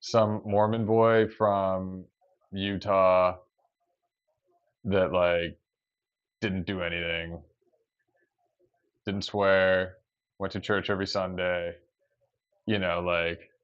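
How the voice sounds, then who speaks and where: A man streaming and chatting loosely with his viewers, with easy laughs and casual swearing. His voice sits low. The sound is dry and a little dull. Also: little pitch movement, takes it slowly, pauses often, clear, resonant tone, dry recording.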